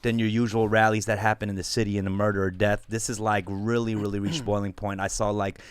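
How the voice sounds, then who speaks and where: Laid-back podcast host, smooth low voice. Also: male voice, little pitch movement, fast, no echo. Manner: laid-back, loose and chatty, laughs often. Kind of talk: casual chat.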